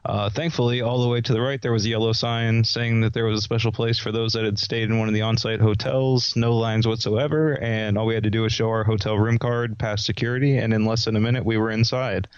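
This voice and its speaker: A man's voice: on the low side, steady tone, a little fast, hardly any pauses, clear, resonant tone, no room sound. A man co-hosting a podcast, reading a listener's trip report in a laid-back way. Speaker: podcast co-host. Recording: dull lo-fi mic.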